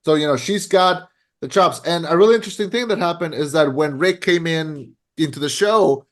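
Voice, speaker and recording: A young man with a slightly high voice, talking loosely as a podcast host. He rambles, fills every pause with "like" and "uh" and trips over his own restarts, in an easygoing casual chat. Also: a bit bright.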